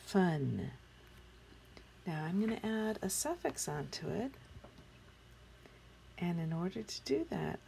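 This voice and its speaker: A patient woman teacher sounds out spelling words for young children, slow and deliberate. Her low, mellow voice has a gravelly, slightly husky edge. She keeps asking the class questions and slips into a whisper now and then. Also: slight background noise. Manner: sometimes drops into whispers while writing.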